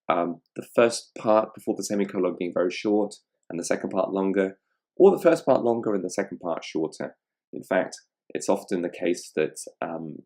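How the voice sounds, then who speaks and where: A middle-aged man explains grammar to online students, reading example sentences from his slides and pausing often with ums. His voice sits very low with a gravelly fry at the ends of phrases. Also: a little mellow. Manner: reads example sentences aloud, unhurried with frequent ums. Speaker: online English tutor.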